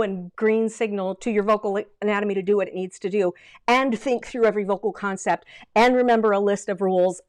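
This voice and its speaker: A middle-aged woman giving a livestream vocal lesson, lively and chatty, breaking into short sung demonstrations. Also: on the high side. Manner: lively, demonstrates by singing snippets. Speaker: vocal coach.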